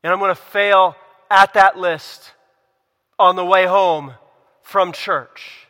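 A male pastor delivers an earnest sermon in a church sanctuary. His voice is a bit high for a man and bright, with a forceful edge. Long reverb trails each line as he moves from loud emphasis to hushed, low statements. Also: fairly even intonation, slow pace.

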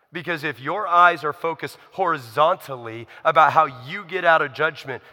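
A man's voice: fairly high pitch, sharp tone, big-room sound. A man preaching a sermon in a conversational, emphatic way, asking the listeners rhetorical questions. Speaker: pastor.

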